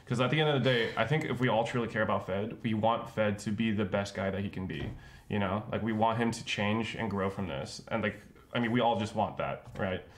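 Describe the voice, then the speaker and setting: A man's voice: on the low side, fairly quick. A man talking earnestly on a livestream, rambling with lots of fillers. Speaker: streamer. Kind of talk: casual stream chat.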